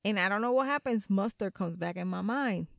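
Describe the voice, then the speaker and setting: Animated, profane woman telling a story. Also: medium pitch, a little fast, creaky, no echo, studio quality. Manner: animated, profane, laughs often. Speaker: podcast co-host. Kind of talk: casual storytelling chat.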